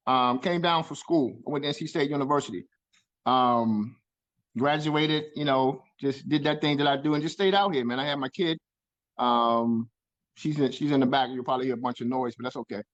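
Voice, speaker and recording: A man, a guest chatting casually on a video call, relaxed and full of "you know what I'm saying.". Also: medium pitch, brisk, dry recording, dull audio. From New York. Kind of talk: casual chat.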